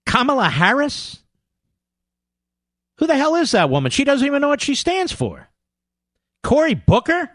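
A sarcastic male radio host with a high voice that swings up and down as he rants. He sounds dry and close to the mic, scoffing and combative throughout. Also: wildly swooping pitch, moderate pace, long pauses, fairly bright tone, no echo. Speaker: radio talk show host. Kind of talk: political talk radio monologue.

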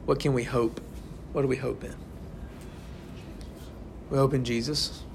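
With a steady tone, medium pitch, measured pace and some vocal fry, a young man leads a small group through a casual Bible study. His informal sermon is conversational, peppered with repeated "right?" check-ins. Background noise is audible.

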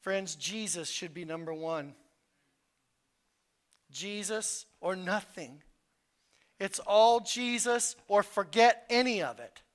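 Pastor guy preaching a sermon, highish voice, earnest, goes loud then real quiet. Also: lively intonation, slow pace, pauses often. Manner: earnest, swings from loud urgent peaks to hushed low stretches.

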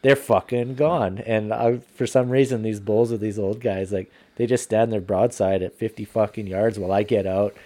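Man, fairly low voice, casual podcast storytelling, heavy swearing, animated. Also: normal speed, few pauses.

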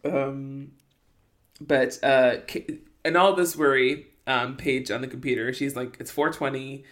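A woman's voice: extremely low pitch, fairly even intonation, measured pace. A woman in her thirties co-hosting a podcast, chatting casually with laughing, exaggerated retellings. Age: 30s. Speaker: podcast co-host. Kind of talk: casual rewatch chat.

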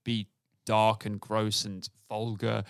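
A man's voice: lowish voice, monotone, slow, vocal fry, no echo, clean studio sound. A man co-hosting a podcast, chatting casually about a film and laughing often as he talks. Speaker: podcast co-host.

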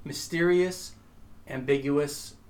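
A man's voice: on the high side, slow pace, a little mellow. A man co-hosting a casual podcast, ranting crudely about films and mocking fans. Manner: crude, ranting, mocks nerds in put-on voices. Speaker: podcast co-host. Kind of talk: casual profane chat.

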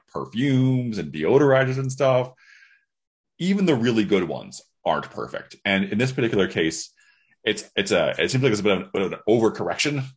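Game master, man, low and husky, lively and descriptive. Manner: relaxed and descriptive, with frequent restarts. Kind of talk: narrating a tabletop game.

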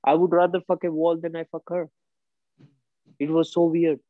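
A man telling stories in a casual chat, swearing freely and talking with animated emphasis. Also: fairly high pitch, moderate pace, no echo. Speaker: therapist and podcast co-host. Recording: dull, muffled sound.

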